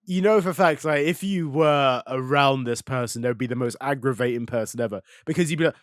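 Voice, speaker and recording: A young man co-hosting a podcast in casual chat, laughing often and dropping into low mumbles to act out quotes. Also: fairly quick, dry recording, studio quality. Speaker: podcast co-host.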